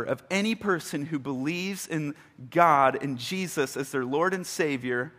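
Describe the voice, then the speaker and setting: Emphatic man preaching a sermon. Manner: emphatic, rising to loud high bursts; reads scripture slowly and deliberately. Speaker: pastor.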